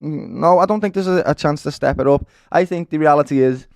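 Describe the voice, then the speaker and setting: Co-hosting a football fan channel, this Scouse man talks emphatically and passionately, often calling people "lad" and "brother." His voice is a little high and a little fast, with vocal fry. The studio sound is clean, with no room sound.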